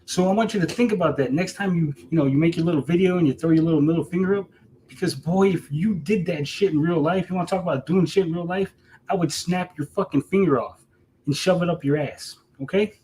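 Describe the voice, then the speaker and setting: Male streamer, heated profane callout rant, slightly high pitch, faint background hiss. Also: brisk, warm tone, low-quality recording. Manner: heated, profane, repetitive, mocking. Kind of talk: angry callout rant to camera.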